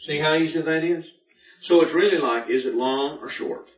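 A man's voice: on the high side, moderate pace, recorded from a distance. A male teacher explaining accent rules to a class step by step, in a patient classroom manner. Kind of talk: classroom Greek lesson. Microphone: far from the mic. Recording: dull, echoey classroom recording from afar.

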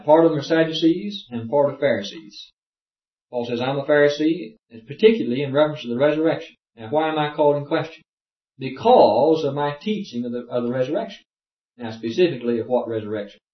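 A man teaching a Bible class, reading verses aloud and explaining them in plain talk. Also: medium pitch. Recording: roomy, dull lo-fi tape.

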